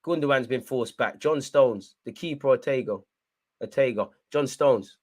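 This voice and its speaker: A young man giving live fan commentary on a football match, shouting at the referee and players and urging his team on. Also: mid-range voice, normal speed. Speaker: football watchalong host.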